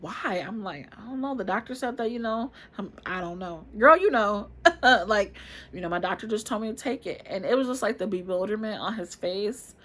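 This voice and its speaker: A woman in her twenties telling a personal story to camera in a chatty, expressive way, often calling out to viewers. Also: mid-range voice, brisk, hardly any pauses. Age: 20s. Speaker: vlogger.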